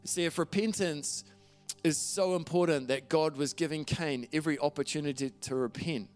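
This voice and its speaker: A pastor with a slightly high male voice preaches at a normal speed while music plays faintly in the background. He comes across as earnest and chatty, reading scripture out loud and repeatedly restarting what he says.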